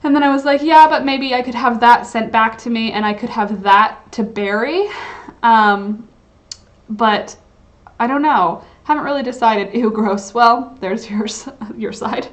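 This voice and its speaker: A woman's voice: a little high, measured pace, highs cut off. A young woman hosting a casual livestream, chatting and reading chat comments, rambling with lots of "like" and "um". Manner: rambling, filler-heavy, frequent "like" and "um".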